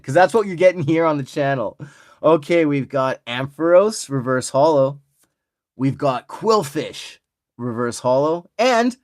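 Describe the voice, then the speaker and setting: A man's voice: on the high side, a little mellow. A man in his forties from Alberta with an Albertan Canadian accent, hosting his channel and chatting jokily with viewers while opening card packs. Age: 40s. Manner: jokey, chatty, addresses viewers.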